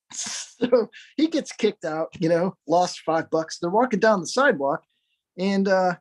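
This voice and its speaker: A man's voice: high voice, lively intonation, slow pace. Man rambling through bar jokes. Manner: rambling, laughs at own jokes. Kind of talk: casual joke-telling.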